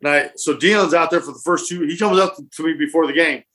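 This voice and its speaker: A man with a slightly high voice tells old football stories as a guest. He talks casually and playfully, acting out the voices of the people in his stories. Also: a little fast. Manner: animated, acts out quotes and laughs. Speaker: former football punter, guest. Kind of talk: casual storytelling.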